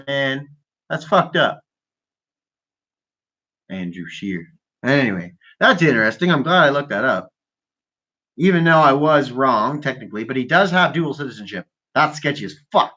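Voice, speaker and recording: A man's voice: mid-range voice, lively intonation, normal speed, bright, forceful tone. Profane, rambling stoned man ranting. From Canada. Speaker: host of a live call-in show. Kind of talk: casual stoned political rant.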